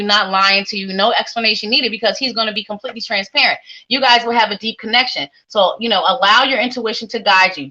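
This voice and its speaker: A woman's voice: medium pitch, pushed and bright. A woman giving tarot readings to viewers in a live stream, talking in a chatty, sing-songy way with playful asides. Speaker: psychic tarot reader. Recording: lo-fi stream audio.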